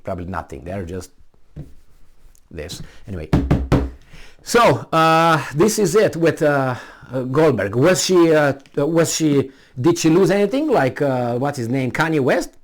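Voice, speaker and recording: Animated blunt man with non-native English. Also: on the high side, unhurried. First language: not English. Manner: blunt, rambling, swearing, frequent restarts. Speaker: commentator. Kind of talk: casual opinion monologue.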